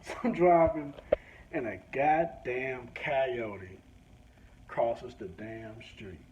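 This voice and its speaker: A rural country-town man talks very slowly in a medium-pitched voice while driving and ranting. His vlog story is crude, animated and full of swearing, recorded with dull lo-fi sound and a bit of faint noise.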